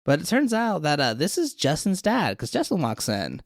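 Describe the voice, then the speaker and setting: A podcast co-host with a higher-pitched voice casually recaps a TV episode. He's animated, acting out the characters' lines in quick voices. The sound is clean studio quality with no room sound.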